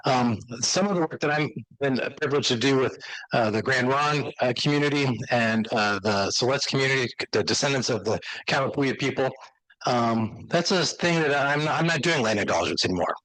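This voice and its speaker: A man giving an enthusiastic, conversational slide lecture to an audience as a university teacher. He talks in a loose, halting way with many restarts. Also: mid-range voice, fairly bright tone, no room sound, low-quality recording.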